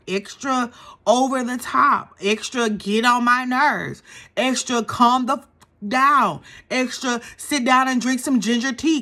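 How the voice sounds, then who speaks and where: Lady vlogger dishing on a reality show, bright voice, animated and chatty. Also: fairly high pitch. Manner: animated and gossipy, acts out quotes. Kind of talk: casual chatty show recap.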